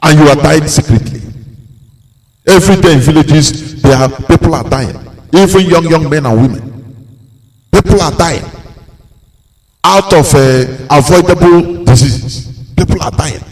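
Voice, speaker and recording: Nigerian male radio presenter, high-pitched, preachy talk, mimics quoted voices. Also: measured pace, long pauses, poor audio. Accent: Nigerian English. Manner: preachy, acts out quoted voices, laughs often. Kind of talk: live radio talk commentary.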